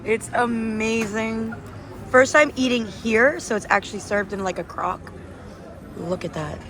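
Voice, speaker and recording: Expressive and a bit bright, this woman's medium-pitched voice moves at normal speed as she narrates her travel vlog to camera, excitedly covering food and places. She's on the move outdoors and in cafes, with street and traffic noise around her.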